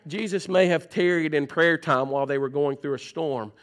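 A man preaching a sermon as pastor, swinging between loud urgent passages and soft, low pleading, repeating phrases for emphasis. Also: normal speed.

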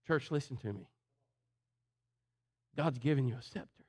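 A man's voice: a little high, moderate pace, long pauses. A man preaching a sermon, telling a story and calling out to members of the congregation by name. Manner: animated, addresses congregants by name.

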